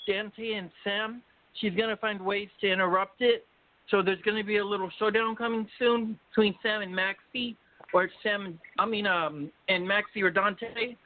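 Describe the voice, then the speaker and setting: A man's voice: high-pitched, a little hiss or hum. A man co-hosting a casual soap opera chat, chatty and sharing story teasers. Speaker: co-host. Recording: tinny phone-line audio.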